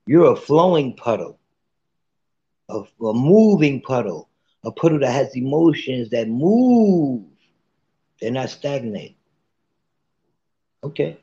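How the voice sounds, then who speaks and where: A man hosting a casual live chat room and giving tarot readings, playful and teasing, with sudden soft asides. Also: medium pitch, sing-song, slow pace, long pauses, husky, dull audio.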